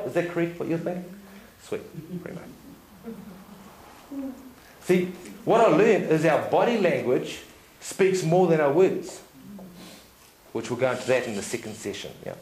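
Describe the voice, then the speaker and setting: Animated New man, high voice. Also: moderate pace, pauses often, slight background noise. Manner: animated storyteller, laughs often, tag questions. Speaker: seminar speaker. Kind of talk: casual talk to an audience. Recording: echoey room.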